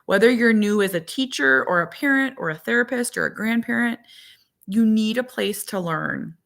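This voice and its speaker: A woman's voice: fairly high pitch, normal speed, vocal fry, fairly bright tone. A woman in her thirties from Minnesota, a mother chatting casually with viewers on a phone livestream at home, rambling and friendly. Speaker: vlogger. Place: home in winter.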